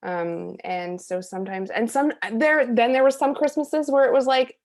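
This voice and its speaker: A woman's voice: fairly high pitch, steady tone, normal speed. A woman being interviewed as a hypnotherapist and coach, telling personal stories in a candid, rambling way full of "like" and restarts. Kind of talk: conversational storytelling in an interview.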